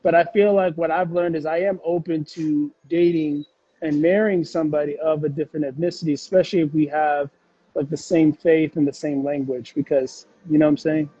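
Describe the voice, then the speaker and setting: Husky, dark-voiced man in a rambling chat. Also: on the high side, fairly even intonation, a little fast, dry recording, highs cut off. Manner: rambling, many fillers and restarts. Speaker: podcast guest. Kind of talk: casual interview talk.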